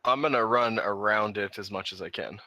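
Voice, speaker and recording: Bright-toned, hesitant male player. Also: fairly low pitch, brisk, no echo. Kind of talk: casual tabletop play.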